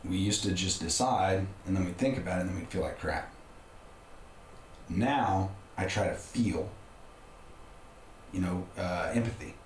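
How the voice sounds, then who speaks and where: A man's voice: low-pitched, measured pace, long pauses. A middle-aged man, a podcast guest, telling a personal story in a candid, conversational way with frequent restarts. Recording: roomy room with faint background noise.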